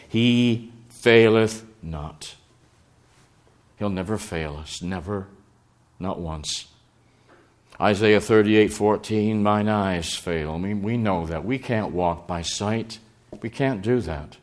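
A man preaching a sermon, earnest, quoting scripture and swinging between raised and hushed passages. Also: on the low side.

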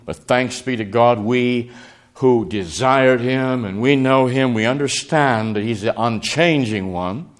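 A man preaching a sermon, earnest, quoting scripture and swinging between raised and hushed passages. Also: mid-range voice.

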